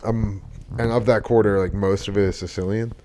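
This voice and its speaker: A man's voice: fairly low pitch, steady tone, brisk, mellow, slight background noise. A young man, hosting a casual podcast chat and telling stories loosely, with swearing and laughter. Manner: loose, profane, laughing storytelling. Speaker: podcast host.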